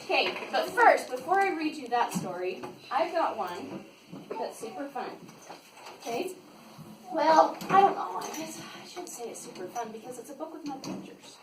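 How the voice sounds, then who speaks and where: A woman reading a silly book aloud to children, playful and animated, with bursts of shouted nonsense sounds. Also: sits high, moderate pace, a crowd in the background. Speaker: read-aloud reader for children. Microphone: far from the mic. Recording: roomy echo from a distant mic, faint noise.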